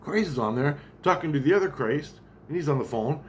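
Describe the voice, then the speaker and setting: A man's voice: on the high side, lively intonation, a little fast, a little hiss or hum. A man talking in a casual vlog monologue, rambling, agitated and heavily profane.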